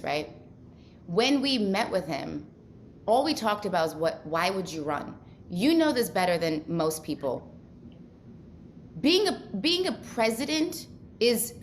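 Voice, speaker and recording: A woman's voice: medium pitch, a little hiss or hum. A woman from Ukraine, a guest in a casual interview, speaking earnestly in long run-on thoughts.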